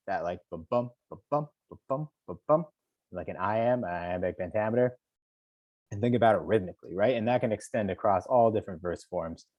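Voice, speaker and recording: A man's voice: on the low side, no echo, highs cut off. A man, a poet, leading a virtual workshop for teachers over a video call, encouraging them and counting beats aloud.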